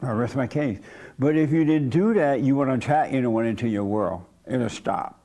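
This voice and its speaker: A man's voice: medium pitch, moderate pace, warm tone. Blunt, folksy man pastor. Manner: conversational, coaxing, blunt, folksy. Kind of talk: informal church talk.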